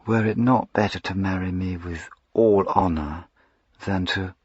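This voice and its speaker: A cold, mocking duke from a period storybook, played by a male reader, purring his words softly and without hurry, at times sinking to a whisper. The sound is dry and muffled on a dull lo-fi recording. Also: sits low, a little slow, breathy edge, no echo. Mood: menacing. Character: sinister aristocratic duke, cold, predatory, mocking.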